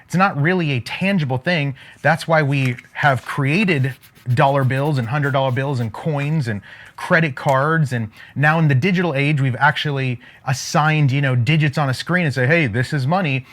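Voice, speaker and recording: A man's voice: medium pitch, normal speed, a bit bright. A man giving an emphatic, repetitive motivational lesson on making money, in the manner of a preacher. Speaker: online business coach.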